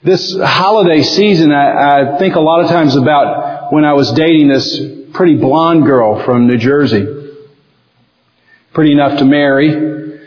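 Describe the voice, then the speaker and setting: Slow-talking Southern preacher in a hall. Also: male voice, a little high. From American South. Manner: folksy storytelling with acted-out quotes. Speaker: pastor. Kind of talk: sermon. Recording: dull lo-fi recording in a reverberant hall.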